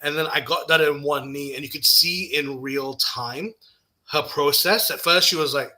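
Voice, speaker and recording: A man's voice: a little high, normal speed, low-quality recording. A man telling a funny story in casual chat, laughing as he goes. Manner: animated, laughing while telling stories. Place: live studio conversation.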